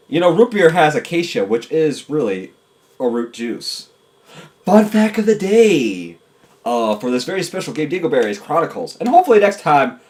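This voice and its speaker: Goofy lively-voiced man commentating a game. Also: lowish voice. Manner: goofy, talks and yells at his virtual pets. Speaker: gameplay commentator.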